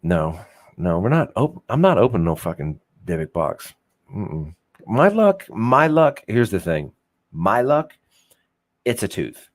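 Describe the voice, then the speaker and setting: Casual podcast host, young man with a low voice, loose and rambling, profane, self-mocking humor. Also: big pitch swings, measured pace, darkish tone. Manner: swears freely, rambling, self-deprecating. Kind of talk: casual unfiltered chat.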